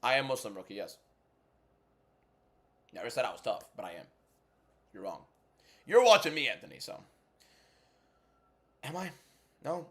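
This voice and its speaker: A man hosting a casual fight watchalong livestream, blunt and bantering as he answers chat, moving between a subdued inside voice and loud hyped delivery. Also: medium pitch, big pitch swings, normal speed, long pauses. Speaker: MMA content creator and livestream host.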